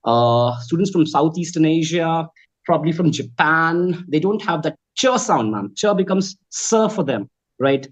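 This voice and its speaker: A man's voice: fairly high pitch, expressive, normal speed. A man with a Bhojpuri mother tongue, a trainer answering interview questions earnestly, politely adding "ma'am" as he gives advice. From India. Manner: earnest, advising, keeps saying ma'am and right. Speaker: accent trainer and guest.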